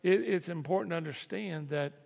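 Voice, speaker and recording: Male pastor, gravelly voice, conversational sermon with repeats, reverberant church. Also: a little high, brisk, darkish tone. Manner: conversational preaching with restarts and repeated phrases. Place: church sanctuary. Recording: long reverb of a hall.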